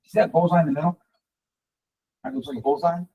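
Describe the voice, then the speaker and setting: A man teaching a live workshop to a room of colleagues, talking fast and asking the audience questions. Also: a little high, husky, lo-fi sound. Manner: fast, animated, addresses the room directly. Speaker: real estate trainer.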